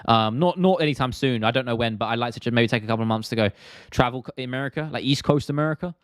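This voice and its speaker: A man's voice: mid-range voice, very fast, clear, resonant tone, no echo, studio quality. A young British man hosting a live stream, chatting casually and answering viewer questions in a laid-back, rambling, slangy way.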